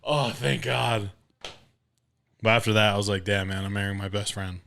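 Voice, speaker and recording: A man's voice: on the low side, quick pace, smooth. A man in his late twenties, co-hosting a casual podcast chat, telling a story full of swearing and acting out the voices of other people. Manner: profane animated storyteller, acts out others' voices. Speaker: podcast co-host.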